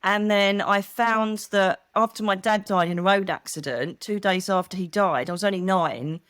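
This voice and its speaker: A woman's voice: mid-range voice, moderate pace, no echo, clean studio sound. A middle-aged English woman and psychic medium, chatting casually as an interview guest and telling stories with acted-out voices. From England. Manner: animated storytelling, acts out quoted voices.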